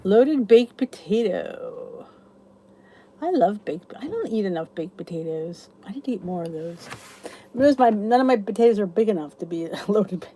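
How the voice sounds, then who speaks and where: Mellow-voiced woman chatting live with viewers. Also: mid-range voice, animated, moderate pace, a little hiss or hum. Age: middle-aged. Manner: chatty, greets and answers viewers by name. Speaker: host of a live weight loss chat. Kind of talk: casual livestream chat. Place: cozy room downstairs at home.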